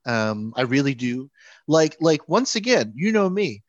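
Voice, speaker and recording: A man co-hosting a podcast in casual chat, animated, laughing often, repeating words and acting out quotes. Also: fairly high pitch, unhurried, dry recording, highs cut off. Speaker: podcast co-host.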